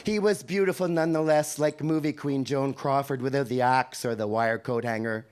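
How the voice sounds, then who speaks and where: A man's voice: mid-range voice, moderate pace, clear, resonant tone. Wry older man performing poetry live. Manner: wry, profane and deadpan. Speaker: poet. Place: live venue stage. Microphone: handheld microphone.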